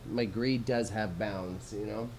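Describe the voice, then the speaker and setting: A man's voice: lowish voice, fairly even intonation, a little slow, a little mellow, poor audio. Casual Canadian male streamer, young, slangy and laid-back, faint room hum behind. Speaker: livestreamer. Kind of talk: casual livestream chat while sorting jewelry.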